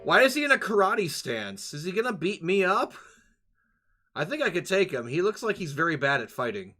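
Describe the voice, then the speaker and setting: A man's voice: high voice, big pitch swings, brisk, pushed and bright, soft background music. A man giving casual, joking commentary while playing a game, sometimes swearing. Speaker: let's play streamer.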